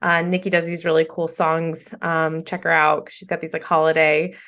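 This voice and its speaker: Woman podcast host, effusive and encouraging, bright edge, lowish pitch. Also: flat delivery, moderate pace. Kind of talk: casual interview chat.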